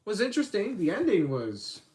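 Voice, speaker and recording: A man's voice: sits high, huge pitch swings, moderate pace, a little mellow, slight background noise. A man hosting his own livestream, chatting casually with lots of fillers and restarts. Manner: rambling, hesitant, many fillers. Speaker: channel host.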